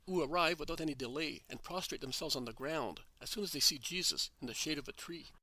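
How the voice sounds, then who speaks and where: A man narrating a religious story in a steady, measured reading. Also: a little high, no echo.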